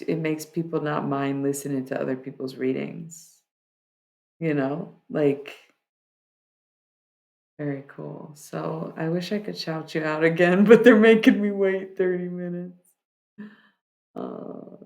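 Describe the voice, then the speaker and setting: A woman streamer chats easily with her viewers in a low, gravelly voice. She takes her time, drifting between thoughts with plenty of fillers and restarts. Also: expressive, takes it slowly, a little mellow. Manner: rambling and laid-back, many fillers and restarts. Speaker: livestreamer. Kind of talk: casual chat with viewers.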